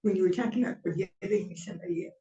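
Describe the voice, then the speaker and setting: A woman's voice: on the low side, fast talker, mellow, highs cut off. Earnest woman asking in an echoey room. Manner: earnest, searching, with restarts. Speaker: class participant. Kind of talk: asking a question in class.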